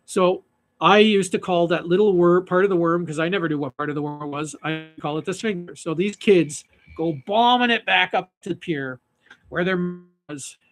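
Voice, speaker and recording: High-pitched guy on a fly tying stream, rambling through a funny fishing story, cracking himself up. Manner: rambling, laughs at his own story. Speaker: fly-tying livestream host. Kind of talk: casual storytelling on a livestream.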